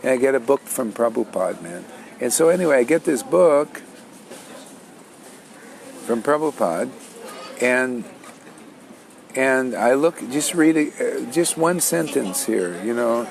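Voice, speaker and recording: A man's voice: mid-range voice, animated, unhurried, vocal fry, pauses often, slight background noise. An older man, telling his spiritual story in a rambling, casual way with many restarts. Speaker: spiritual teacher.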